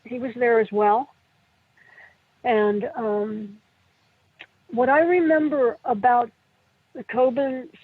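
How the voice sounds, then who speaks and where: A middle-aged woman tells her story in a halting, emotional way, her higher voice a little husky. The sound is thin and phone-like, and the room is dry. She comes across as a guest speaking over a remote call. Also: no room sound. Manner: emotional, halting, tearful at times. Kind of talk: personal interview recollection. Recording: tinny phone-like line.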